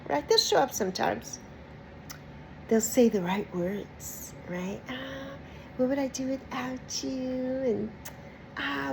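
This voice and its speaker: Animated woman repeating herself emphatically. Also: a little high, a little hiss or hum, poor audio. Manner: emphatic, repeats phrases and tags lines with "right?"; expressive, with bursts of laughter and mock quoted voices. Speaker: YouTube host. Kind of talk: casual talk to camera.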